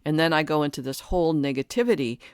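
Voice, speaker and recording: A woman's voice: low voice, fast talker, clear, resonant tone, no echo, studio quality. A woman hosting a solo podcast, thinking aloud earnestly with many restarts and fillers. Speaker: podcast host and coach. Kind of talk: reflective solo podcast talk.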